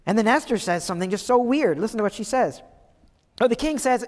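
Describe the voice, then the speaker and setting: A man preaching a sermon in a lively, conversational way, asking his listeners questions as he goes. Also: very high voice, fast talker, in a large hall. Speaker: pastor.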